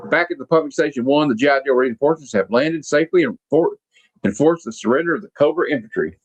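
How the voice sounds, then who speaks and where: A man's voice: on the high side, quick pace, breathy edge, highs cut off. A man hosting a comic club, casually reading a comic aloud and joking about it. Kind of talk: casual comic read-along.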